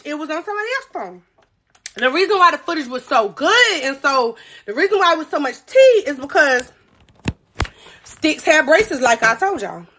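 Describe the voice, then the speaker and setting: A young woman tells a high school story on a livestream, her voice high and bright. She talks straight to her viewers in an animated, profane flow, her tone climbing and dropping all the time. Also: a little hiss or hum. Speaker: livestream host.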